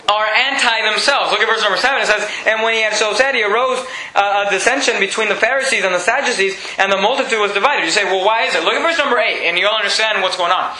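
A man preaching a lively sermon. He reads scripture aloud and acts out the people in the story. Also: high-pitched. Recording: echoey room.

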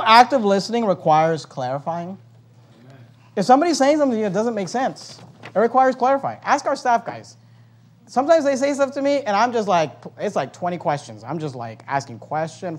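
High-voiced, animated male preacher. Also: normal speed, long pauses. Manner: animated and joking, reads scripture aloud. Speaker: pastor. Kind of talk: sermon.

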